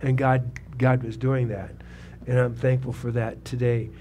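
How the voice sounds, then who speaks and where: A man's voice: mid-range voice, level tone, measured pace, mellow, slight background noise. Older man preaching, conversational testimony. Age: 70s. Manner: conversational preaching, asks the congregation questions. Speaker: pastor. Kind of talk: sermon with personal testimony. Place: church sanctuary.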